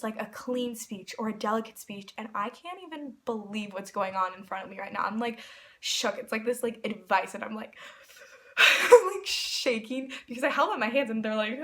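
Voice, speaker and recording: Young adult woman, storytime vlogger; excitable, rambling delivery, bright tone. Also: mid-range voice. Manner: excited, rambling with many fillers and laughs. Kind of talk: personal storytime vlog.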